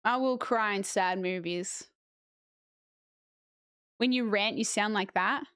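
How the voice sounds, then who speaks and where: Unhurried Australian woman chatting on stream. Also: mid-range voice, fairly bright tone, clean tone, no echo, studio quality. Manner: chatty, reacting aloud while reading chat. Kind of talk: casual live-stream chat.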